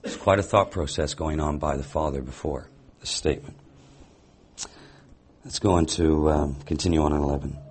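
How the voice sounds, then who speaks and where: A man's voice: a bass voice, moderate pace, husky. A man teaching a sermon, reading scripture aloud and reflecting on it with rhetorical questions. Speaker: Bible teacher.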